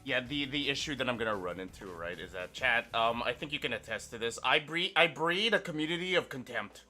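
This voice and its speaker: Animated, playful streamer with a bright voice. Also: medium pitch, fairly quick, soft background music. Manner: playful, animated, mock-boastful. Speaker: streamer and artist hosting a collab. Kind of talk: casual stream chat.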